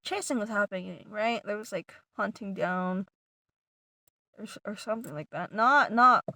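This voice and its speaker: With no room sound, a woman vlogger speaks at normal speed in a mid-range voice. She rambles through a long story for her viewers in a lively, casual retelling, leaning on "like," restarting sentences, and whispering some words.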